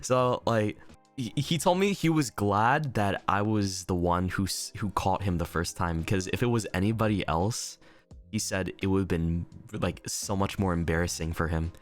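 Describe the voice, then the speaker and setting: A young man telling a story in a casual vlog, laughing often, swearing freely and talking with animated energy. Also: low-pitched, normal speed, faint music behind. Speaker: vlogger. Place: inn room indoors.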